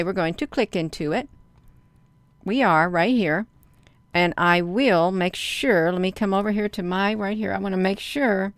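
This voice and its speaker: A woman at medium pitch, with no room sound, hosts a livestream. Urgent and emphatic, she answers her viewers' comments as she goes and refers to them as "you all".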